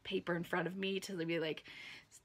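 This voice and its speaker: A woman's voice: on the low side, little pitch movement, fairly quick. A young woman vlogger losing her voice, chatting casually through an unboxing, rambling with lots of ums and likes.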